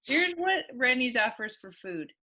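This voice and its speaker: A woman co-hosting a relaxed podcast. Her voice sits a little high and sounds bright and clear. She delivers her lines with dry, deadpan amusement and often breaks into short laughs. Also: a little slow. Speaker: podcast co-host. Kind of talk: casual chat.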